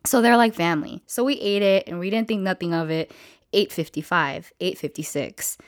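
A woman's voice: on the low side, normal speed, dry recording, clean studio sound. A woman telling a casual story, slangy and freely profane, who acts out the people she quotes.

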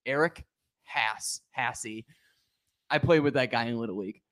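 A man's voice: mid-range voice, lively intonation, racing. A man hosting a casual sports podcast, making his points at length and with emphasis. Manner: talkative, emphatic, lays out numbered points.

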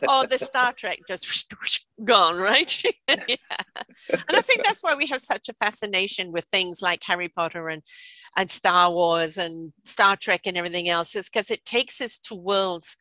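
Bright-voiced British woman in her sixties. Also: mid-range voice, moderate pace, no room sound. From Britain. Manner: lively, chatty, laughs often, asks "right?". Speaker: guest. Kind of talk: casual storytelling conversation.

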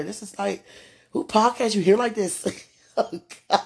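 Speaking a little slowly and pausing often, a podcast host addresses her partner directly in a casual, laugh-filled monologue. Her medium-pitched voice is gravelly and husky.

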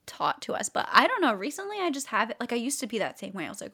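A woman's voice: on the high side, expressive, fast, hardly any pauses, a bit bright. A young woman co-hosting a podcast, easygoing and giggly, steering the chat with questions. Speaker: podcast co-host. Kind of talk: casual chat.

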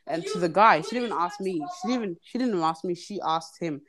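A young woman guest tells a long story on a casual podcast in a low voice, talking quickly with hardly any pauses. She gets animated and acts out others' lines, and kids can be heard in the background.

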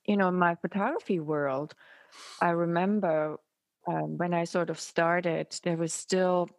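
A woman speaking in a casual, reflective conversation, thoughtful and often laughing softly. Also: lowish voice, steady tone, measured pace, no room sound. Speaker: photographer and podcast host.

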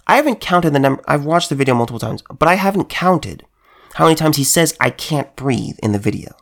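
A man's voice: fairly high pitch, very animated, brisk, vocal fry, fairly bright tone. A man delivering an emphatic, heated commentary monologue, repeating and restarting his phrases as he talks. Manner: repetitive, stumbling restarts, heated. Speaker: political commentator.

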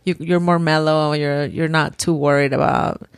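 A woman with a deep, smooth voice and level tone chats at normal speed about her three daughters, rambling with many restarts and sometimes using Spanish words. The recording is dry.

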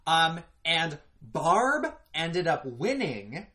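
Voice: medium pitch, sing-song, very slow, pushed and bright. A co-host in a casual recap chat, steadily explaining game rules and what happened in each round.

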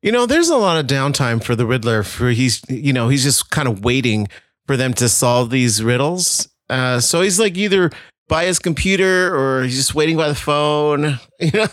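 A man's voice: medium pitch, lively intonation, normal speed, a bit bright, dry recording, studio quality. A man joking casually about a movie with friends.

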